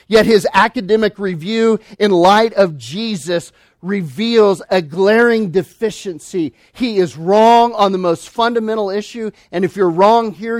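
A man preaching a sermon, emphatic, asking rhetorical questions and swinging between loud declarations and hushed asides. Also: high-pitched, no echo, studio quality. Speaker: pastor.

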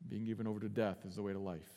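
A man preaching a sermon as pastor, earnest, swinging from quiet and slow to loud and urgent. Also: lowish voice, little pitch movement, big-room sound. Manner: earnest preaching with big swings in volume and pace.

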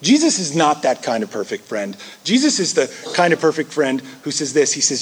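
A man preaching a sermon, animated and conversational, acting out quoted voices to make his points. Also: a little high, a little fast, few pauses, a little hiss or hum. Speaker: pastor.

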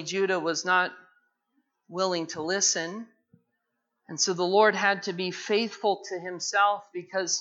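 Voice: mid-range voice, bright, forceful tone, lo-fi sound. A pastor preaching a sermon with passion, pressing the point with repeated rhetorical questions.

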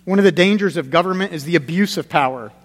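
Speaking quickly and pitched high, this preacher addresses his congregation like a conversation, stressing and restating his central ideas. At moments he goes soft and solemn, and the room leaves a long reverb trailing behind him.

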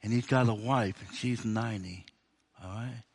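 A man's voice: fairly low pitch, moderate pace, breathy edge. A man preaching a sermon in a conversational, humorous way, acting out the dialogue of the story.

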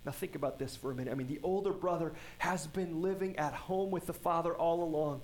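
Male pastor, conversational sermon, slightly high voice, faint background hiss. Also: brisk, few pauses, a little mellow, poor audio. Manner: conversational storytelling, frequent tag questions.

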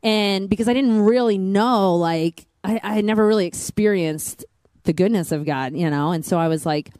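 A woman's voice: normal speed, darkish tone, dry recording. A woman in her thirties shares a personal faith testimony in an earnest, rambling way, leaning on "like" between thoughts. Her voice sits in a middle register and is recorded close and dry. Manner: earnest, says "like" often, voice rises high with emotion. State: near tears. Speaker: guest, future church planter.

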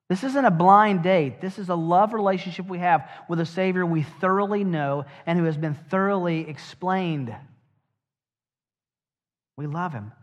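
A middle-aged man preaching a sermon as a pastor. He asks the congregation direct questions and drops wry, joking asides. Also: high voice. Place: church sanctuary. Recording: dull, long church reverb.

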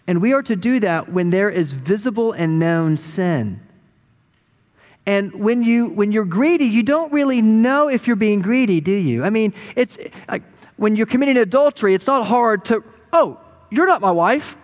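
A man preaching a sermon, retelling a story with lively acted-out voices. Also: sits high, moderate pace, big-room sound. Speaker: pastor.

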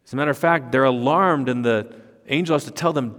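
A male pastor delivers an expository sermon in a mid-pitched voice. He talks emphatically, stacking rhetorical questions and doubling words. The sound carries the long reverb of a large church hall. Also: fairly quick, a bit bright.

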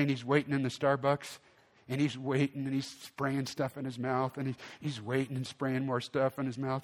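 Animated storytelling male pastor. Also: on the high side. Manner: animated, acts out quotes with big swings in loudness. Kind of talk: sermon storytelling.

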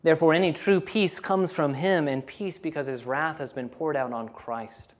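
A man preaching a sermon earnestly, often pausing with "uh" between points. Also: a little high. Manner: earnest preaching with many uh fillers. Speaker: pastor.

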